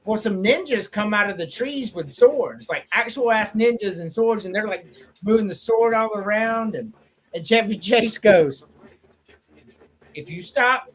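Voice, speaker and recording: A man's voice: high voice, moderate pace. A man co-hosting a casual sports podcast, retelling comedy scenes with lots of swearing and acted-out quotes. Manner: animated storyteller, acts out movie quotes, swears freely. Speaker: podcast co-host. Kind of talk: casual chat.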